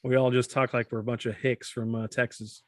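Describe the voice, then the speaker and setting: A man's voice: mid-range voice, level tone, a little fast, no echo. A man hosting a casual podcast chat, joking around and tripping over his words. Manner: stumbles over words, jokey. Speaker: podcast host.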